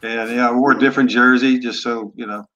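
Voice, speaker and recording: An older man in his sixties talks in an easygoing, blunt way, dropping curse words as he tells his stories. His voice sits at an ordinary pitch for a man. The audio comes through dull and lo-fi. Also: steady tone, fast, a bit bright. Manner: laid-back, blunt, cusses freely. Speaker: guest, former football quarterback. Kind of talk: casual storytelling interview.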